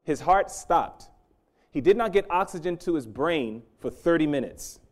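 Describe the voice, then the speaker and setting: A middle-aged man preaching a sermon, swinging from loud emphasis to hushed, intense storytelling. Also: a little high, lively intonation, measured pace.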